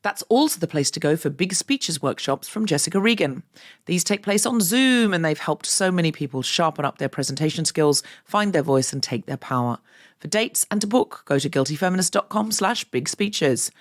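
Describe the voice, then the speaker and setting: A woman's voice: low-pitched, lively intonation, moderate pace. Cheerful woman podcast host reading promos. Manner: upbeat, chatty, friendly. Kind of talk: scripted promo read.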